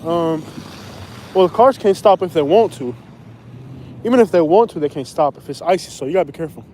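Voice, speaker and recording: A Southern vlogger from Florida walks a snowy, windy street with his phone, rambling, repeating himself, and using slangy street talk. He sounds animated and brisk in a slightly higher voice, with a faint traffic hum in the background.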